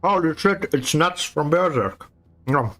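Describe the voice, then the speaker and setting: A man's voice: fairly high pitch, lively intonation, measured pace, fairly bright tone, faint music behind. A man chatting casually with his stream viewers while painting, teasing and swearing with a sarcastic edge, chewing ice as he talks. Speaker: livestreaming artist.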